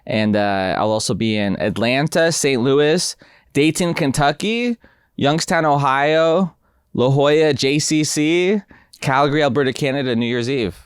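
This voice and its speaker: A man's voice: mid-range voice, a little slow, clear, resonant tone, dry recording, studio quality. A man co-hosting a comedy podcast, teasing his partner in casual chat. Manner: teasing, playful, lively ups and downs.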